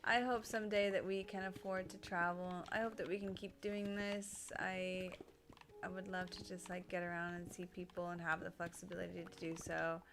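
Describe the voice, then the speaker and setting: A woman's voice: on the low side, flat delivery, moderate pace, creaky. A woman streamer in bubbly, chatty casual talk, often laughing. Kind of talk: casual chat on a gaming stream.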